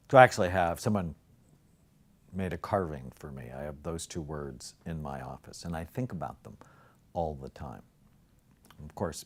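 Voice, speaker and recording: Brief: low-voiced male lecturer, lively storyteller, pitch jumps and hushed asides. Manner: animated storyteller, swings from loud emphasis to soft near-whispers. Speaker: psychiatrist lecturer.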